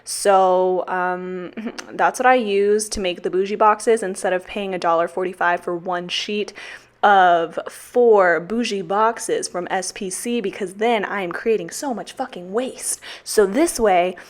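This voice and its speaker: A woman's voice: medium pitch, unhurried. Chatty, swearing young woman. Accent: Texan. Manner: chatty, profane, self-mocking. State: out of breath. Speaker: planner vlogger. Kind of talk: casual voiceover.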